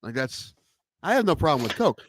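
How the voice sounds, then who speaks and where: A man co-hosting a casual comedy podcast, ranting with swearing and restarts, swinging between loud outbursts and mutters. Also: on the high side, sing-song, fairly quick, no echo. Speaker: podcast co-host.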